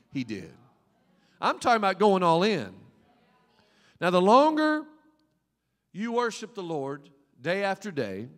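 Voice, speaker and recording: A man preaching a sermon as pastor, fervent, with call-and-response prompts to the congregation and swings between loud exclamations and quiet asides. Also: high-pitched, big-room sound. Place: church sanctuary.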